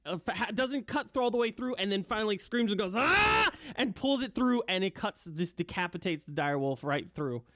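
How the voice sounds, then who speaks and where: A man's voice: sits high, brisk, hardly any pauses, no echo. A young man narrating a tabletop game as game master, vivid and full of fillers, on a voice call. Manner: vivid, filler-heavy narration with bursts of excitement. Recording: dull, dry lo-fi mic.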